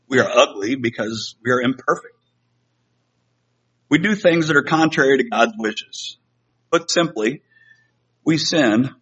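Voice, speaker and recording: Preacher, man, middle-aged, husky voice, easygoing self-deprecating delivery, muffled church recording. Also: medium pitch, expressive, measured pace, long pauses, fairly bright tone. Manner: conversational, self-deprecating, with many fillers and restarts. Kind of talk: sermon. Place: church sanctuary. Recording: slightly dull lo-fi sound.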